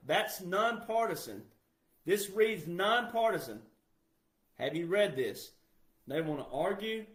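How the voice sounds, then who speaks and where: A man's voice: sits high, animated, slow, pauses often, fairly bright tone. Man ranting hard in a roomy space. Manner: heated, repetitive, emphatic. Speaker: country music artist. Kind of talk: impassioned rant. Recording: roomy echo.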